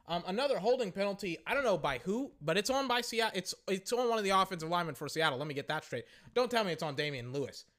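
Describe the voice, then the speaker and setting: Excitable hoarse young man calling a game. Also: high voice, fast talker. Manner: excitable, shouting at big plays, slangy. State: voice going hoarse. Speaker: podcast host. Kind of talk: casual play-by-play podcast commentary.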